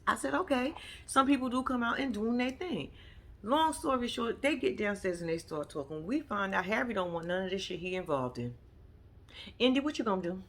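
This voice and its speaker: A woman's voice: medium pitch, lively intonation, brisk. A woman giving a casual commentary recap of a reality TV episode, blunt and profane, acting out the people she quotes.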